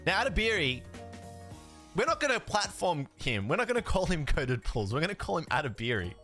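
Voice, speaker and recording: Animated, bright-voiced male streamer. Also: fairly high pitch, a little fast, soft background music. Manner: animated, swears, laughs, acts out dialogue. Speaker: card streamer. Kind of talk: casual storytelling.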